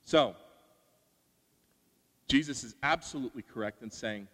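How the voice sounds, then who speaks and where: Man, preacher, sermon, fairly high voice, long hall reverb, animated. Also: moderate pace. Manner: animated, acts out quoted voices, rhetorical questions.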